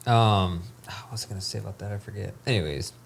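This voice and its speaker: A man's voice: on the low side, quick pace, vocal fry, a little hiss or hum. A man co-hosting a podcast, laid-back and joking in casual chat. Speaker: podcast co-host.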